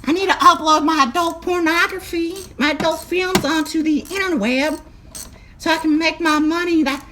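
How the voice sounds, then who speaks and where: A man putting on a high-pitched rambling old codger. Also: steady tone, moderate pace, noisy background. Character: rambling old man caller, folksy and clueless.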